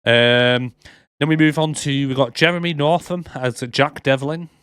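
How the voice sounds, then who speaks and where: A man's voice: a little high, fairly even intonation, measured pace, a bit bright, clean tone, no echo, studio quality. A man co-hosting a movie podcast, chatting casually and rambling with lots of fillers. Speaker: podcast co-host. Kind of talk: casual chat.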